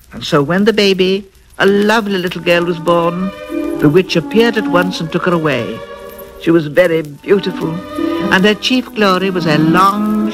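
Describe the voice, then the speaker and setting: A man narrating a fairy tale for a children's record in an expressive, lilting way, dwelling on words. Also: high-pitched, low-quality recording. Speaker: storyteller.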